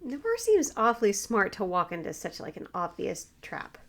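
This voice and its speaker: A woman co-hosting a podcast, chiming in on a movie recap with quick, jokey reactions in casual chat. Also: mid-range voice, huge pitch swings, fairly bright tone. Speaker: podcast co-host.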